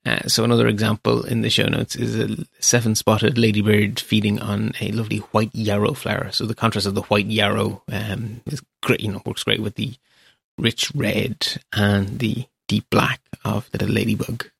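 A man's voice: fairly low pitch, flat delivery, normal speed, vocal fry, slightly rough, dry recording. A man hosting a podcast, talking in an enthusiastic, meandering, descriptive way. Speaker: podcast host. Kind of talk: casual solo podcast talk.

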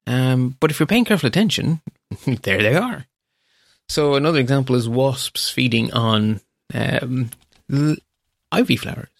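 A man's voice: on the low side, vocal fry, dry recording, clean studio sound. A man hosting a podcast, talking in an enthusiastic, meandering, descriptive way. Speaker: podcast host. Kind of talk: casual solo podcast talk.

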